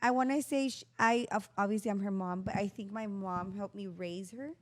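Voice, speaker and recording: A middle-aged woman co-hosting a podcast, chatting casually and expressively, with quick bursts of laughter. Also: mid-range voice, no echo. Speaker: podcast co-host and mother. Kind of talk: casual chat.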